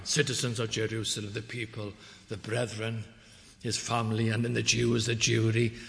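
A man preaching a sermon, swinging from quiet reflection to loud, dramatic proclamation and quoting scripture in old-fashioned wording. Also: mid-range voice, creaky. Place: church. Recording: long hall reverb.

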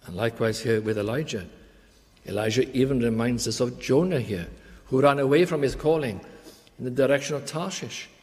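Male preacher, mid pitch, earnest and emphatic, long church reverb. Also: a little mellow. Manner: earnest, emphatic, slows for key phrases. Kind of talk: sermon.

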